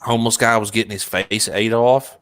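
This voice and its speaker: A man in a casual chat with friends, telling stories excitedly and swearing. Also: fairly low pitch, fairly quick.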